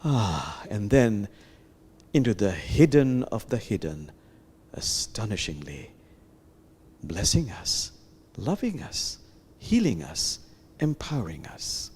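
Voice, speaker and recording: A man leading a slow, soft, prayerful guided heart meditation during a worship service, pausing often. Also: lowish voice, big pitch swings, husky. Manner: slow, soft, prayerful guidance with long pauses.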